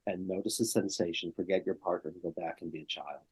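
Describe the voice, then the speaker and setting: A man's voice: low voice, fairly even intonation, fast, a little mellow, slightly rough. An older male therapist telling a client story in conversation, often checking in with "right?" and "okay?".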